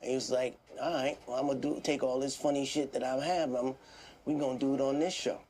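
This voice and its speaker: This man in his fifties is a comedian swapping stories as a guest in a relaxed interview, laughing a lot and cursing without restraint. He talks fast in a mid-range voice, with a slight hiss or hum in the audio.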